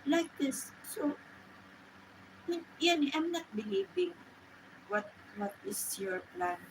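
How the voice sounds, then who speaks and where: A high-pitched, sing-song woman from the Philippines chats slowly with her livestream viewers, rambling in halting non-native English with many restarts. Traffic and vehicle noise are clearly audible behind her.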